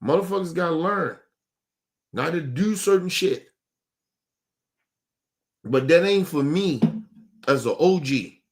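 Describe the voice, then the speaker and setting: An older man, a podcast host, telling a rambling, profane story in casual chat, getting animated when he quotes himself. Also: fairly high pitch, slow, pauses often.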